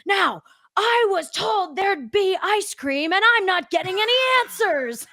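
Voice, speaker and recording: A woman voicing a fussy older man, loud, slow and outraged about his food. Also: very high-pitched, expressive, dry recording, studio quality, pitched above the performer's own voice, heavily acted. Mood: indignant.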